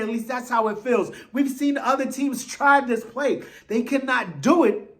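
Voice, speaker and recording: A man rants in his fan vlog, his voice sitting high and jumping about with excitement. He rambles, drops slang and pokes fun at himself as he goes. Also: normal speed. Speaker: vlog host.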